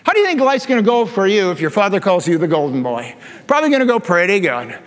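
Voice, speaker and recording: High-voiced preacher in a hall. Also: male voice, fast. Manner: animated storyteller, laughs at his own jokes. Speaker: pastor. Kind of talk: sermon. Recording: long reverb of a large hall.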